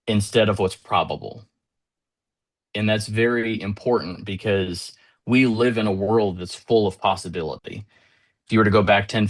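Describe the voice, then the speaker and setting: Deep-voiced man giving a motivational talk. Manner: earnest, retells dialogue with small voice shifts. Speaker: motivational speaker.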